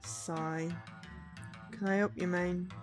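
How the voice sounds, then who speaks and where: A woman voicing a lazy, rude spirit thief in a game, speaking in a low, insolent drawl. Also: flat delivery, slow pace, soft background music.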